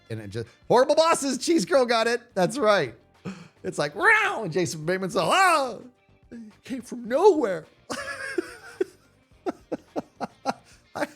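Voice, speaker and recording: A man livestreaming a game, talking casually to his viewers in a lively voice that swings widely in pitch. He chats on loosely and yells playfully at enemies on screen, with soft music running underneath. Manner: chatty and animated, yelling playfully at enemies. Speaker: video game streamer. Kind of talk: casual live gameplay commentary.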